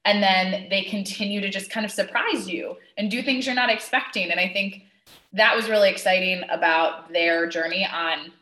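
A woman hosting a loose, chatty podcast, laughing at her own stumbles. Her voice is bright, and the room around her rings with echo. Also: medium pitch, moderate pace. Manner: chatty, laughing, self-correcting. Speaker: podcast host. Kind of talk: casual chat.

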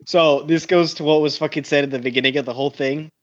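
A man's voice: a little high, steady tone, fast, lo-fi sound, a little hiss or hum. Rambling, cursing man on a call. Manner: rambling, swears a lot, many restarts. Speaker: guest. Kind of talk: casual podcast chat.

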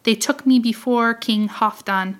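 A woman narrating a storybook tale in a measured, expressive reading voice. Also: on the high side. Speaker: audiobook reader.

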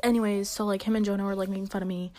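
A woman's voice: medium pitch, very fast, very noisy. A young woman telling a school story in a casual rant, swearing constantly and roasting people who teased her. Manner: profane, mocking, animated storytelling. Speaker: vlogger.

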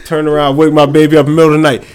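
A man in casual comedic banter, riffing loudly with laughs and cursing. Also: a little high, completely flat delivery, very fast.

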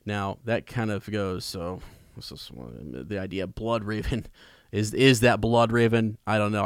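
A man hosting a casual podcast about a book, talking in a relaxed, rambling way and correcting himself as he goes. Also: lowish voice, clear, resonant tone, dry recording, studio quality. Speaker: podcast host.

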